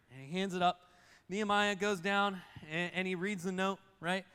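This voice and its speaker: Animated young-sounding preacher in a hall. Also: male voice, high voice, clear, resonant tone. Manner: fast, animated storytelling, acting out characters. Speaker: pastor. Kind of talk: sermon. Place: church auditorium.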